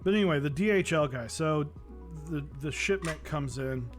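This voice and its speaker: A man's voice: on the high side, normal speed, soft background music. A man hosting a casual live stream about building a keyboard. He tells stories in a rambling, chatty way and greets viewers in the chat.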